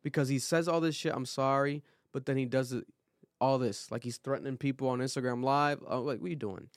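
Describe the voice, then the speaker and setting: A man co-hosting a podcast in casual chat, talking in an animated, opinionated way with lots of fillers. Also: medium pitch, fairly quick, dry recording, studio quality. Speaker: podcast co-host.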